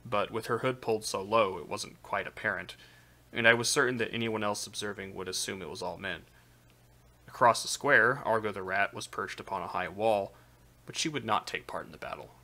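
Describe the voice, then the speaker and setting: Brief: man, lowish bright voice, live-stream novel reader, steady narration. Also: brisk. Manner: steady narration with occasional slips. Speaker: streamer reading aloud. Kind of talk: live reading of a light novel.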